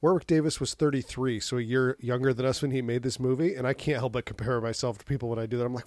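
A man in his thirties co-hosting a podcast in casual chat, animated and swearing, laughing often. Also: mid-range voice, fast talker, few pauses, no echo. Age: 30s. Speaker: podcast co-host.

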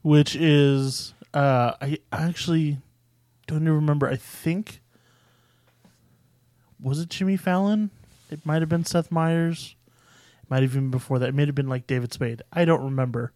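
A man co-hosting a podcast, chatting casually about a movie with dry, deadpan quips. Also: on the high side, normal speed, no room sound. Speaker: podcast co-host.

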